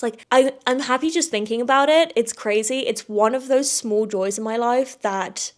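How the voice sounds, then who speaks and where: A woman's voice: fairly high pitch, normal speed, hardly any pauses, a little mellow. A young woman, hosting a casual solo podcast in a chatty, effusive way, repeating words for emphasis. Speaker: podcast host.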